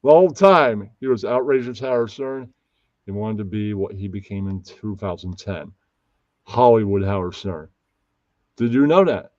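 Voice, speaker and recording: A man's voice: lowish voice, expressive, normal speed, darkish tone, no echo, highs cut off. A man hosting a casual live stream, rambling and often losing track of names. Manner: rambling, loses names, puts on mocking voices. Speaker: stream host.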